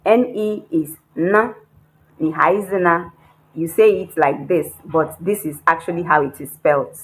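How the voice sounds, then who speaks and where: A woman's voice: on the low side, unhurried, low-quality recording. A woman teaching a beginner language lesson, repeating words and spelling them out. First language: not Chinese. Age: adult, not a child. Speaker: Chinese teacher. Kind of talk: slow, deliberate language lesson.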